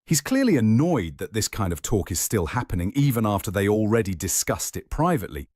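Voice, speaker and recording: Husky, low-voiced male narrator. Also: sing-song, fairly quick, darkish tone, dry recording, studio quality. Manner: dramatic, explanatory. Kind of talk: scripted narration.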